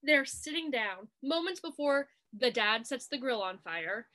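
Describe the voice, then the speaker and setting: Recapping a TV movie on her podcast, this co-host talks in a casual, animated way and acts out scenes in playful voices. She has a slightly high, pushed and bright voice with lively intonation, speaking unhurriedly.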